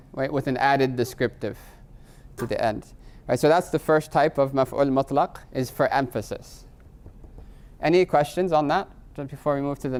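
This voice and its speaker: A middle-aged man teaching Arabic grammar in a live class, his voice smooth and resonant at an ordinary pitch. He explains patiently, keeps checking in with his students, and slips Arabic terms into his English. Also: a little mellow.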